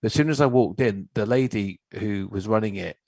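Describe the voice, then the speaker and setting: A man's voice: on the low side, a little fast, darkish tone, dry recording, poor audio. A man, telling a story in a blunt, ranting way as a filmmaker guest on a casual chat show. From Cornwall, England.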